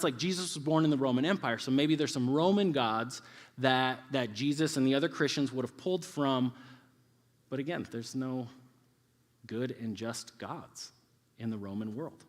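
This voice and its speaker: A man's voice: mid-range voice, animated, moderate pace. A man in his thirties preaching a casual, conversational sermon, acting out quoted voices as he goes. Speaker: youth pastor. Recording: live hall reverb.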